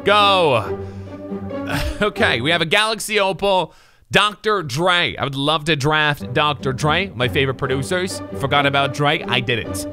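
A young man commentating on a video game, loud, animated and sarcastic, swinging between shouts and mutters. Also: sits high. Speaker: gaming YouTuber.

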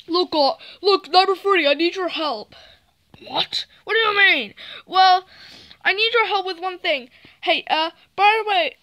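A woman voicing plush toys in a homemade role-play, talking haltingly with many fillers. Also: very high-pitched, sharp tone. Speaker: plush video maker.

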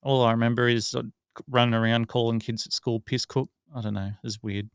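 A man's voice: medium pitch, flat delivery, a little fast, clean tone, dry recording, clean studio sound. A man co-hosting a casual sports podcast, rattling off stats and joking about himself. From Australia. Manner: chatty, rattles off stats, self-mocking. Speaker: podcast co-host.

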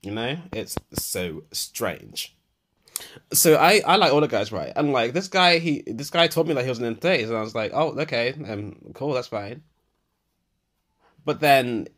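Ranting young man, lively pitch. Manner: profane, meandering rant with many fillers. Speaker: podcast host. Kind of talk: unscripted voicenote monologue.

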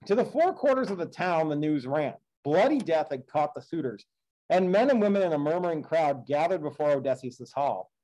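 A man's voice: a little high, sing-song, normal speed, dark tone, poor audio. A man reading an epic poem aloud as a teacher, breaking off for casual, chatty commentary. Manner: casual, chatty asides with fillers. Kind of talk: read-aloud with classroom commentary.

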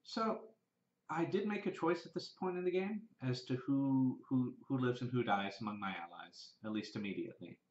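A man's voice: medium pitch, normal speed, darkish tone, a little hiss or hum. A man from the American South with a Southern accent, musing aloud in a casual vlog and rambling through restarts and fillers. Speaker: vlogger. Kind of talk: casual thinking-aloud monologue. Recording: roomy and dull, lo-fi.

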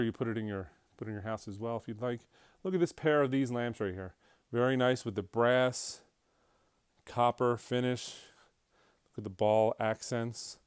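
A man's voice: mid-range voice, clean tone, no echo, studio quality. A man from an auction house narrating a casual walkthrough video of a large showroom, chatty and enthusiastic, with frequent fillers and restarts.

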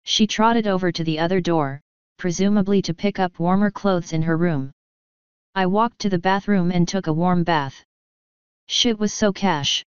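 A woman's voice: lowish voice, moderate pace, clean tone, no echo, muffled recording. A woman reading first-person fan fiction aloud in a casual, offhand way, swearing freely. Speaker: audiobook reader.

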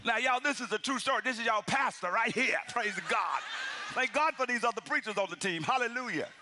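A middle-aged male pastor telling a story in a sermon. His delivery is animated and acted out, shifting between loud shouted lines and hushed near-whispers. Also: extremely high pitch, brisk, noisy background.

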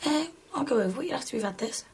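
A woman's voice: high voice, lively intonation, racing. An actress playing a blunt, protective young woman, chatting casually. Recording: noisy TV drama audio.

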